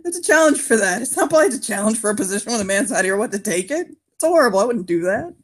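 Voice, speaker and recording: Woman running her character in a tabletop rp, lots of laughing and swearing, lively bouncy voice. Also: mid-range voice, racing. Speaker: player. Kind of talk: improvised tabletop role-play narration.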